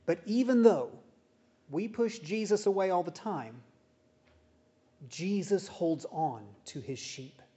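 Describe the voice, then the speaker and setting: A man preaching a sermon as a pastor, in a measured, deliberate way with emphatic pauses. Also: sits high, animated, warm tone. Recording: dull, muffled sound.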